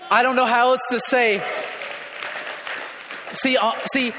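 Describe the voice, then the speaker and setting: Male pastor, high voice, impassioned sermon delivery, roomy hall reverb. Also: steady tone, slow, some chatter behind, a little hiss or hum. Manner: emotional, building to shouts. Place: church hall. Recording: echoey hall.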